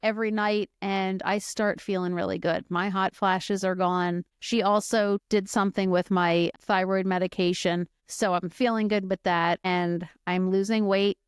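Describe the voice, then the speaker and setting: A woman's voice: mid-range voice, clean tone, dry recording, clean studio sound. A middle-aged woman hosting a podcast, telling her personal story in a candid, chatty way full of fillers and asides. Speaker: podcast host.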